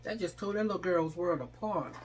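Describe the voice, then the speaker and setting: A woman's voice: lowish voice, a little fast, breathy edge. Chatty woman telling a story while eating. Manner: chatty, acts out quoted voices, eating while talking. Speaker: vlogger. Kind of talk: casual storytelling mukbang.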